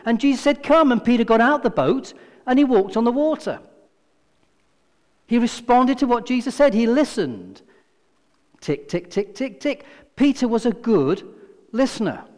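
A man's voice: very high-pitched, expressive, moderate pace, long pauses, a little mellow. A man preaching a sermon, telling a scripture story and acting out the quoted lines, with repeated phrases for emphasis. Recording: reverberant hall.

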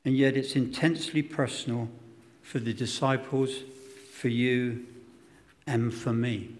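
A man's voice: mid-range voice, steady tone, a little slow. A man preaching a sermon, dramatic and emphatic, acting out quotes, with self-deprecating humour. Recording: long hall reverb.

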